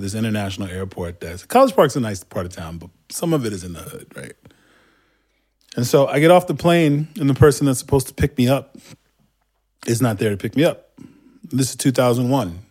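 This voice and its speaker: Lively Turkish-accented man telling stories. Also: mid-range voice. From Turkey. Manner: lively, animated storyteller. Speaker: guest, music producer. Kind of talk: casual storytelling.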